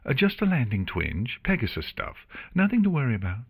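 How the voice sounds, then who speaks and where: A man's voice: medium pitch, wildly swooping pitch, a little fast, breathy edge, pitched above the performer's own voice, full character voice. A man voicing a cheeky, sarcastic pegasus mare. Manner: teasing, sarcastic.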